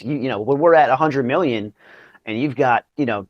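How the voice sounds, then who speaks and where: A man's voice: medium pitch, a little fast, highs cut off. A man as guest in a casual talk, earnest and often checking in with "right?". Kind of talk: casual chat.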